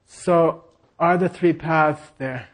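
A male teacher gives a slow, unhurried classroom lecture on scripture in a fairly high voice. He has the students repeat lines after him and keeps checking that they follow. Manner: leads call-and-response repetition.

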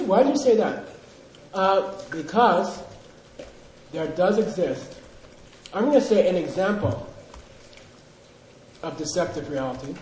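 A man teaching Buddhist philosophy to a class, drilling students in call-and-response and coaxing them with teasing, animated prompts. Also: high voice, echoey room, slight background noise, rough recording.

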